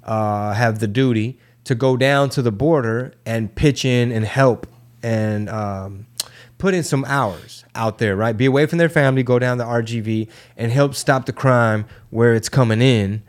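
A man's voice: medium pitch, a little slow. Profane, slangy man telling a story. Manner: loose, profane, slangy storyteller acting out quotes. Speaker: podcast co-host. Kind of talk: casual chat, storytelling.

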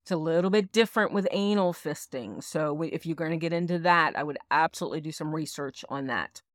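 A woman's voice: deep voice, brisk, no echo, clean studio sound. A woman co-hosting a casual podcast, talking frankly and laughing often. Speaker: podcast co-host.

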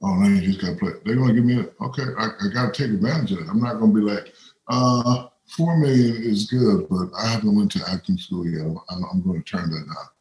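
Brief: deep male guest spinning anecdotes, roomy echo. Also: a little mellow, a little hiss or hum. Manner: rambling anecdotes with quoted voices. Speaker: interview guest. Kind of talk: casual storytelling.

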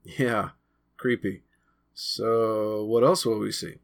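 A man's voice: on the low side, steady tone, slow pace, creaky. A man voicing a skeptical, unimpressed teenage boy who questions everything. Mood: doubtful. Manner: doubtful, questioning.

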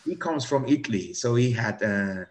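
A man, a comedian, talking about his stage character in a relaxed interview, often restarting his sentences. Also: mid-range voice, a little hiss or hum. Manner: halting, repeats words, laughs often. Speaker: comedian guest. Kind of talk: conversational interview.

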